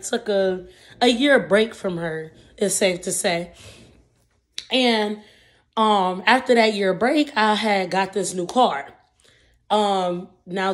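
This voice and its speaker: A woman in her twenties telling a rambling story in a casual vlog, full of fillers, eating between sentences. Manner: chatty and rambling, with many fillers like "okay, boom". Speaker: vlogger.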